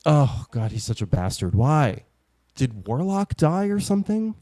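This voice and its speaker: A man co-hosting a comic book podcast, sarcastic and quick to mimic the characters he talks about. His voice is mellow and warm, and his pitch rises and falls a lot. The sound is dry and close. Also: big pitch swings, dry recording. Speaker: podcast co-host. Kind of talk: casual comic book chat.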